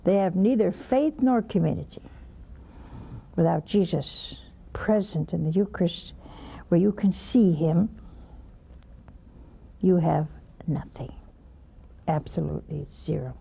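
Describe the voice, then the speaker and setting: A woman's voice: lowish voice, measured pace, gravelly, pauses often, dark tone, slightly rough. An older woman hosting a religious call-in show, preaching emphatically, scolding and mocking. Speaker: religious TV host taking calls.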